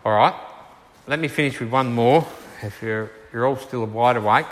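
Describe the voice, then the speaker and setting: A man preaching a sermon and taking questions, earnest and unhurried, slowing down to stress key words. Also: mid-range voice, slight background noise. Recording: reverberant hall.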